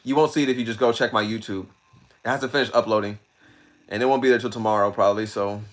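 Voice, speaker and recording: Fast-talking and fairly low-pitched, this streamer chats casually with his viewers and reads their comments. His slangy, animated talk loops back on itself, and he keeps breaking into laughter.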